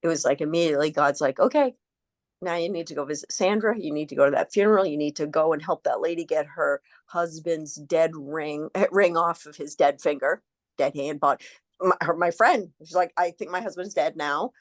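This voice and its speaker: Woman, low-pitched, dry close sound, lively storyteller who acts out voices and curses casually. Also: a little fast, dry recording. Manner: animated storyteller, acts out quotes, swears freely. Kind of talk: casual spiritual chat.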